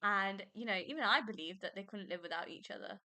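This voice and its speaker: Gushing bright-voiced young woman podcaster. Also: medium pitch, fast talker. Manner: gushing, emotional, laughs often. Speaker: podcast host. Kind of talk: casual book review chat.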